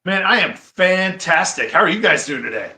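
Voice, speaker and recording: A man in his forties from Iowa, a pro wrestler, telling stories as a podcast guest in an animated way. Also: high voice, reverberant, low-quality recording. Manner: animated, quick to laugh. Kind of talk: casual storytelling. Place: studio.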